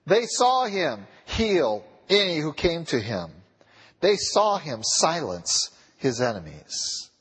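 A man preaching a sermon in a church, with a husky voice, pressing his listeners with repeated rhetorical questions. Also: fairly high pitch, wildly swooping pitch, slow, fairly bright tone. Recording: long reverb of a large hall.

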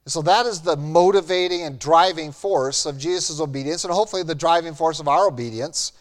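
High-voiced pastor preaching in a reverberant hall. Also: male voice, fairly quick. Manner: earnest, rising to animated emphasis. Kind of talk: sermon.

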